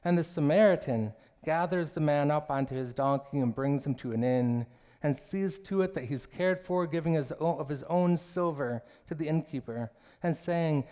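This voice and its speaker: A man preaching a sermon in a church, telling stories and parables with quoted dialogue and slowing down on key phrases. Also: fairly high pitch, dark tone. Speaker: minister. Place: church sanctuary.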